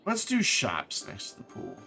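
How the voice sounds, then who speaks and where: A man's voice: medium pitch, wildly swooping pitch, a little slow, creaky, bright, forceful tone, soft background music. A man thinking aloud as he plays a city-building game on a live stream, correcting himself as he goes, tired and with the hiccups. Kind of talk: casual gameplay commentary.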